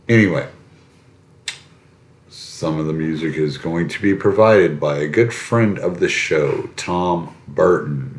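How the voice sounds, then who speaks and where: A man's voice: a bass voice, a little hiss or hum. A man hosting a podcast, opening the show in a loose, rambling way and swearing casually. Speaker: podcast host. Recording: roomy echo.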